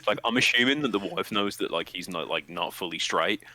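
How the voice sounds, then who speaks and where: Deep, bright-toned man joking bluntly. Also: a little fast, poor audio. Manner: blunt, profane, jokey. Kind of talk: casual chat.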